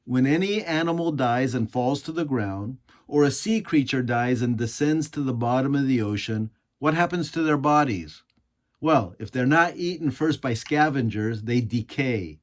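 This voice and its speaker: A man's voice: medium pitch, normal speed. A man from the United States reading scripted political commentary, sarcastic and indignant, full of rhetorical questions. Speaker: commentary host.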